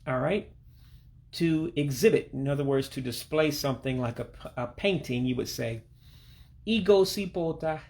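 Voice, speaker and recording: A man leads a recorded language lesson, speaking over pictures rather than on camera. His voice has a gravelly, fry-edged texture and sits at an ordinary middle pitch. He goes patiently, repeating each word slowly and with care. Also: darkish tone. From Alabama, United States. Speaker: language teacher. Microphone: voice-over to pictures and on-screen text.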